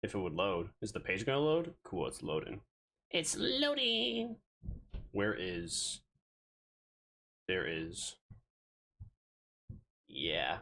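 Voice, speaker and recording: A man's voice: sits low, animated, slow, pauses often, fairly bright tone, low-quality recording. A man streaming live, chatting casually and rambling playfully to himself, a bit out of breath.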